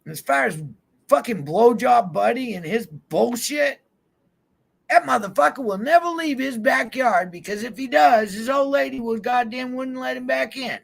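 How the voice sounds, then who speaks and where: This man's voice is very high, expressive and gravelly, moving at a moderate pace. He's a YouTube vlogger sitting in a van, heatedly swearing and ranting at the camera as he calls people out by name.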